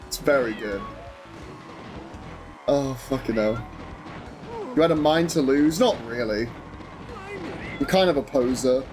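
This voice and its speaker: A young man with a fairly high voice commentates his own live game stream. He is excitable, swearing and chatting with viewers over the game music.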